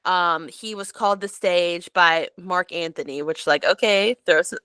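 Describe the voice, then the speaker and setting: A woman co-hosting a podcast in relaxed conversation. Her voice is bright and forward, recorded dry and close with no room sound. She talks in an animated way, peppered with "like" and "um". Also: on the low side, a little slow, clear, resonant tone, no room sound. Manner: animated storyteller, many "like"s and "um"s. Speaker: podcast co-host. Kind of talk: casual chat.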